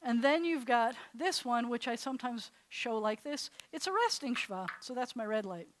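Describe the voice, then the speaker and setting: A woman rabbi teaching a live class, chatty and animated, laughing at herself as she demonstrates sounds. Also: on the high side, normal speed, a little hiss or hum. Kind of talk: classroom lesson. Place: congregation classroom.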